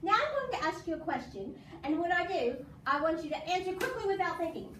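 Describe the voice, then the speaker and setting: Coaxing high-voiced woman math teacher. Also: very animated, a little fast. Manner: patient, coaxing, drills with call-and-response. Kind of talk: casual home math lesson. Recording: echoey room from far off, faint background noise.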